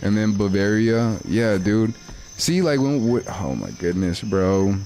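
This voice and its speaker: A man's voice: on the low side, expressive, unhurried, mellow, slight background noise. A young man, chatting casually and rambling in slang while livestreaming a game. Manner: slangy, rambling, laid-back. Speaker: streamer.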